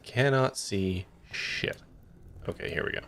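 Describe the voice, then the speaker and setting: A man's voice: medium pitch, measured pace, fairly bright tone. A man streaming a game, thinking aloud in casual commentary, swearing and laughing as he goes. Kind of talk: casual let's-play commentary.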